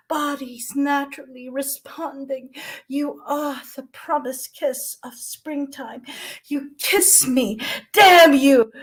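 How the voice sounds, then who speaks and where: A woman performing spoken word poetry at an open mic, sensual and dramatic, often dropping into whispers. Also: sits high.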